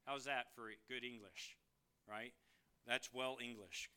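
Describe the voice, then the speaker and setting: A man preaching a sermon from the pulpit, moving between emphatic rises and soft low drops, asking the congregation questions. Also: steady tone, takes it slowly, smooth. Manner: addresses listeners as beloved, asks them questions. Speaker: pastor.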